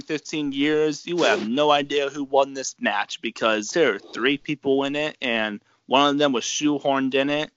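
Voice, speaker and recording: A man's voice: mid-range voice, sharp tone, highs cut off. A man co-hosting a wrestling podcast in casual chat, profane and rambling. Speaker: podcast co-host.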